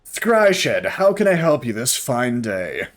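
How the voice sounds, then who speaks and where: A man's voice: mid-range voice, sing-song, slow, a little hiss or hum. A man doing a prim, polite robot shopkeeper. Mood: eager. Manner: formal, eager customer-service politeness. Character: polite fussy metallic shopkeeper robot, male, five feet tall. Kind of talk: tabletop role-play voicing.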